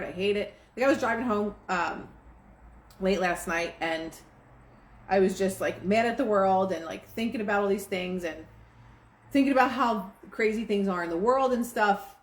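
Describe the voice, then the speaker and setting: A woman hosting a live stream, chatting casually and teaching about manifesting, with a relaxed manner full of fillers. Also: medium pitch. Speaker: host of a manifesting livestream. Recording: roomy echo.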